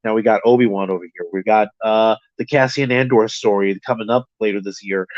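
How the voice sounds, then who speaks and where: A man co-hosting a casual review chat, rambling and excitable, often restarting his sentences and swearing. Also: fairly low pitch, a little fast, lo-fi sound. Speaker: podcast co-host.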